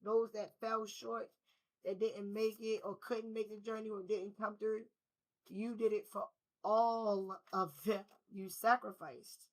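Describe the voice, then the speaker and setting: A woman's voice: medium pitch, level tone, unhurried, rough recording. A woman giving a collective spiritual reading, talking emphatically in casual slang with repetition and swearing. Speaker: tarot reader.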